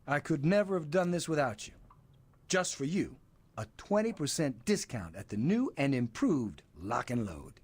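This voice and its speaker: A man's voice: a little high, very animated, moderate pace, slightly rough. An actor playing an eager, chatty male gun merchant with a pushy sales patter in a game. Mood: salesy.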